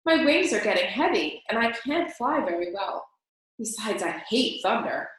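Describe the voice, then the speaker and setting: A woman reads as a gentle young dragon, his voice pushed up high and breathless as he pleads and frets. It rings out in a very echoey room. A storybook creature, fretful but kind. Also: sing-song, normal speed. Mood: pleading.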